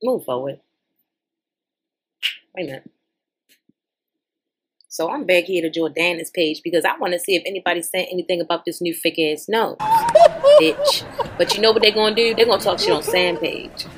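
A woman hosting a podcast, giving sassy, profane, animated reaction commentary in as she scrolls social media. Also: lowish voice, fast, few pauses, husky.

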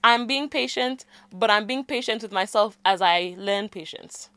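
A woman's voice: medium pitch, normal speed, a bit bright, smooth, no room sound. Sassy, candid young woman. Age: 20s. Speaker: podcast co-host. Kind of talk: casual chat.

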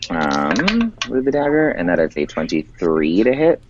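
A man's voice: low voice, wildly swooping pitch, unhurried, dull audio, a loud crowd. A man playing a tabletop game, unhurriedly counting out his moves aloud. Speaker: player.

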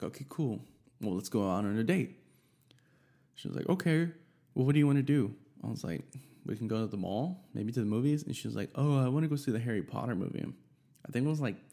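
A young man casually telling a personal story, swearing often and animated when he quotes people. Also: fairly low pitch, gravelly.

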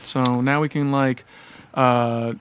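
A man's voice: mid-range voice, flat delivery, takes it slowly, a little hiss or hum. A man guesting on a comedy podcast, talking loosely and joking, swearing freely as he riffs. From Chicago. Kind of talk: casual comedic chat.

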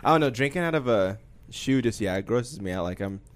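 A man's voice: medium pitch, expressive, fairly quick. A young man in casual podcast chat, telling rambling stories and laughing often.

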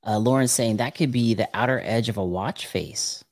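A man's voice: medium pitch, moderate pace, a little mellow, dry recording, studio quality. Upbeat man co-hosting a podcast. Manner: upbeat, laughs often, reads out viewer comments. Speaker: podcast co-host. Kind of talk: casual chat.

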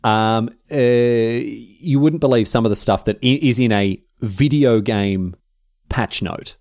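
A man co-hosting a casual podcast, chatty and quick to laugh. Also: mid-range voice, no echo, studio quality. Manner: animated storyteller, laughs often. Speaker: podcast co-host. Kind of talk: casual chat.

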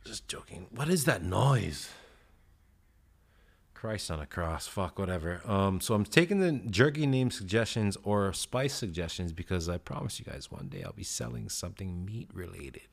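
A man's voice: low-pitched, sing-song, normal speed, gravelly, husky. A man hosting a casual solo podcast, laid-back and rambling, swearing freely with lots of fillers and a little out of breath. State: out of breath after push-ups. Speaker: podcast host.

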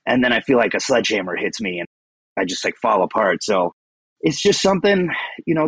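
A man's voice: mid-range voice, a bit bright, husky, no room sound. A man guest on a podcast, talking in a rambling, self-deprecating and emotional way. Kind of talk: candid conversational interview.

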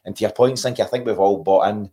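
A man hosts a relaxed podcast chat about football. He talks at a brisk clip in a fairly low voice and keeps the talk moving with questions. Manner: quick, animated, asks questions. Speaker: podcast host.

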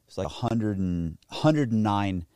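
A man's voice: fairly low pitch, a little slow, clean tone, no echo, studio quality. A man telling his own story in a casual interview, profane and indignant, quoting others as he goes. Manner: profane, animated, indignant retelling. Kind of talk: casual storytelling, reacting to a documentary clip.

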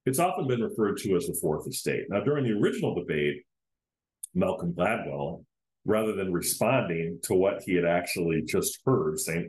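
A man's voice: low voice, sing-song, moderate pace, echoey room, poor audio. A man hosting a solo podcast, giving opinionated commentary and often hedging his claims as his humble opinion. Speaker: podcast host.

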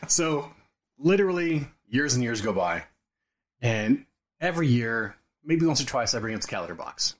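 A dad co-hosting a podcast tells stories in a casual, animated chat, acting out quotes and laughing often. His voice is male, medium-pitched, and at normal speed.

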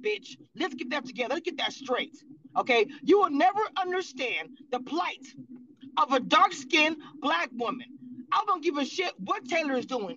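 A woman's voice: sits high, expressive, normal speed, a bit bright, highs cut off, a little hiss or hum. A woman commentating on reality TV in a livestream reaction, blunt, profane and heated.

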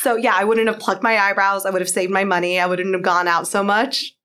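A woman's voice: medium pitch, flat delivery, fairly quick, bright, forceful tone, clear, resonant tone. A woman in her thirties, a guest entrepreneur and mother, talking in a chatty, casual way, laughing often and saying "like" a lot. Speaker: interview guest, pharma entrepreneur. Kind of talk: casual interview chat.

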